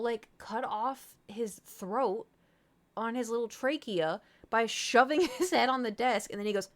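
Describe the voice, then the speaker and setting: A woman streamer chatting casually to her viewers, telling a long rambling story full of fillers and blunt swearing. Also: mid-range voice. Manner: rambling, filler-heavy, candid and profane.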